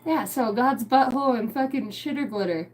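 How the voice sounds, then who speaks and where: Giggly, crude woman with a high voice. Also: moderate pace, rough recording. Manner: crude, giggly, swears a lot. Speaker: livestream host. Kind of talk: rambling live-stream chat.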